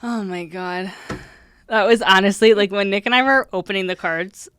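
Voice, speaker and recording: A woman's voice: mid-range voice, steady tone, normal speed, a bit bright, clean tone, no room sound. A young woman chats away on a podcast, breaking into giggles as she tells her story. Her voice sits in a middle range and is recorded close and dry, with no room around it. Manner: giggly storytelling, laughs a lot. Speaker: podcast co-host. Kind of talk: casual chat.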